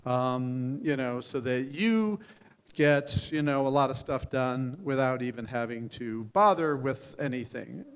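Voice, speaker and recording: An older man, a venture capitalist, giving frank, joking feedback on startup pitches, with many restarts and fillers. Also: a little slow, clear, resonant tone. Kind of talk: live pitch coaching. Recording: hall reverb.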